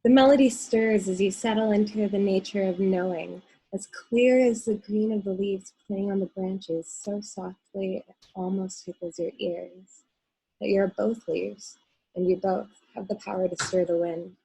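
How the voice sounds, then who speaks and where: A woman reads a tender prose piece over a video call. Her voice is mellow and breathy, and it softens toward the end of each phrase. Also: medium pitch, fairly even intonation, normal speed, poor audio. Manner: gentle, soft reading, fades at phrase ends. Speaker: guest reader on a call. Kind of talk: reading her own prose poem.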